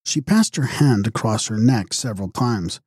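A man reading a gothic horror novel aloud, measured and dramatic. His voice is dark and husky, captured close with a dry sound. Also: on the low side, lively intonation, dry recording. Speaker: audiobook narrator. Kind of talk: scripted narration.

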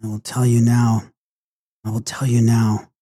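A woman's voice: rumbling low, little pitch movement, unhurried, warm tone, slightly rough, dry recording, full character voice. A man reading a horror audiobook, voicing a terrified young woman who pleads in trembling cries. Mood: shaken. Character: terrified young woman after a vampire attack. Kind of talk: audiobook character voice.

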